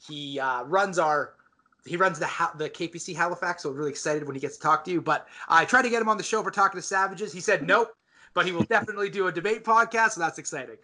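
A man's voice: high voice, fast. A man hosting a debate podcast, energetically explaining the show's rules to listeners. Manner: energetic, talks straight to listeners. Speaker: podcast host.

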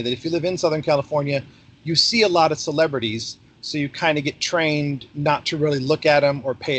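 A middle-aged former theme park ride skipper, appearing as a podcast guest, tells stories in a casual interview. His voice sits on the high side and is slightly rough, and he animatedly acts out the quoted dialogue with energy.

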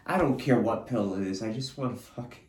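Brisk and fairly low-pitched with a darkish tone, the man speaks in an echoey room while recording his own treatment session as a podcast host. Disoriented and under a drug's influence, he lets out a profane, fragmented stream of consciousness, moving between mumbles and anguished cries.

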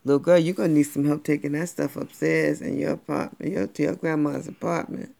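A parent voicing a smooth-talking male street cat who speaks in slang and wheedles for food. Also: medium pitch, level tone, fairly quick, darkish tone.

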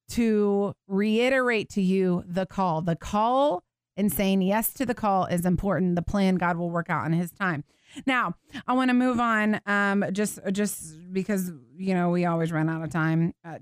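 A woman hosting a faith show, teaching from the Bible in an animated, expressive way and acting out what people in the story say. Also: fairly low pitch, clear, resonant tone, no room sound, studio quality. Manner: animated, expressive, laughs and acts out voices.

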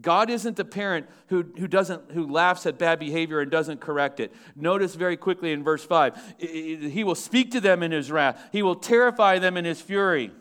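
A male pastor preaching a sermon with lively swings between loud, emphatic lines and hushed, low asides. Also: moderate pace, hardly any pauses.

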